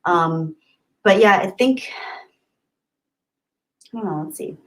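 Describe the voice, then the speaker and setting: A woman's voice: mid-range voice, slow, rough recording. Woman, young adult, livestream host, casual chat, giggly, reads viewers' comments. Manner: chatty, giggly, answers viewers by name.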